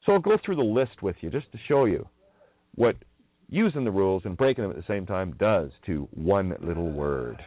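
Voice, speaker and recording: A man's voice: low-pitched, big pitch swings, moderate pace, no room sound. Mocking man on tinny phone-like audio. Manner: mocking, profane, chuckling, sing-song wordplay. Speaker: radio show host. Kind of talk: rambling profane monologue.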